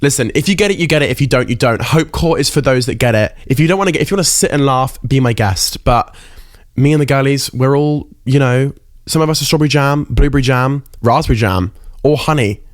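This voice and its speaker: A man's voice: medium pitch, a little fast, dry recording. Young male podcast host, candid and teary, dry close mic. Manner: emotional, candid, swears casually. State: emotional, close to tears. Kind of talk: casual solo podcast reflection.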